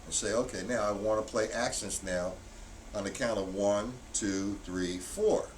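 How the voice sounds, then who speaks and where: A man teaching a drum lesson on a live stream, counting beats out loud and punching the accented ones. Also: lowish voice, unhurried. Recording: distant mic, loud background noise.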